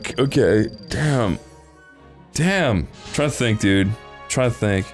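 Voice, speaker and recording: Dude rambling thru a story over a game, voice jumps all over the place, swears a lot, faint music under it. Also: male voice, mid-range voice, lively intonation, slow pace. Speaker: let's play co-host. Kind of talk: casual gaming chat.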